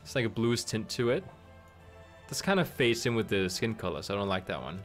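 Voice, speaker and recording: A man's voice: fairly low pitch, lively intonation, a little fast, faint music behind. A man streaming a game, chatting casually and thinking aloud with amused asides. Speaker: gaming streamer.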